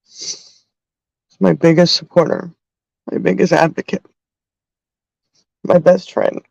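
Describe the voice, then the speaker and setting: A middle-aged woman hosting a livestream, talking in a halting, heartfelt way and crying at times. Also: fairly low pitch, fairly even intonation, creaky, darkish tone, no echo, lo-fi sound. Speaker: livestream host. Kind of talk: emotional livestream talk.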